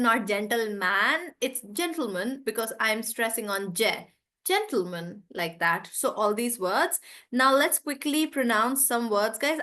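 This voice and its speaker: A fairly high-pitched woman leads an online pronunciation class. She talks in a lively, upbeat way, laughs often, and stretches out words to show where the stress falls. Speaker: English pronunciation teacher.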